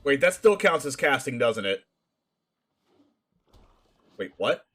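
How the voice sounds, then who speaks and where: A man commentating his own card game live, excitable, laughing and shouting as the plays unfold. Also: medium pitch, slow. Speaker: streamer playing a card game.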